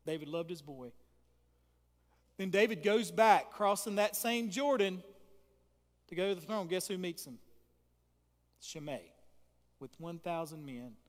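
A man's voice: high-pitched, animated, measured pace, long pauses, in a large hall. A man preaching a sermon as pastor, reading scripture and asking the congregation questions. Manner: impassioned preaching, reads scripture aloud, asks the congregation questions.

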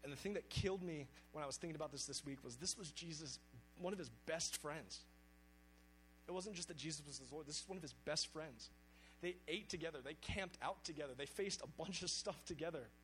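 A male preacher delivers an earnest sermon in a somewhat high voice. He reads scripture with weight and emphasis. A faint hum runs under the recording. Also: brisk, fairly bright tone, rough recording.

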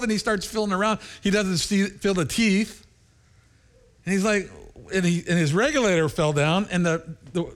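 A middle-aged man preaching a sermon as pastor, telling stories with lively energy, jumping into high voices for quotes and laughing often.

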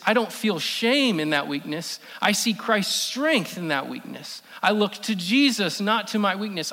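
A man preaching a sermon as pastor, emphatic, repeating key phrases and slowing down for stress. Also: high-pitched, pushed and bright. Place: church sanctuary. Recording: long reverb of a church hall.

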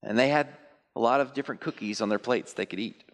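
A male pastor preaching a sermon to his church, animated, sometimes mimicking churchgoers in high put-on voices. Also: quick pace. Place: church sanctuary. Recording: long reverb of a large hall.

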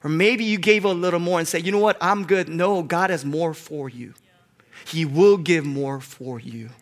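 Male pastor, high-pitched voice, fervent sermon delivery that swings between big and hushed. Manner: impassioned preaching, swinging from loud high bursts to quiet hushed storytelling.

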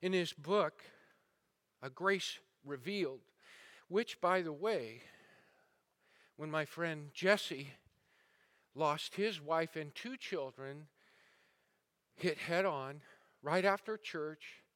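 A male pastor preaching a sermon, telling stories with swings between building intensity and a hushed, somber tone. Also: a little high, takes it slowly, pauses often. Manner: dramatic storyteller, rising and falling intensity. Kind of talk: sermon storytelling. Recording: sermon audio recording.

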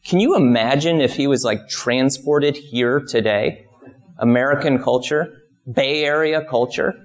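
A pastor giving a conversational sermon, telling stories and briefly acting out the people in them. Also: male voice, a little slow. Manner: conversational storytelling, acts out voices with big pitch jumps.

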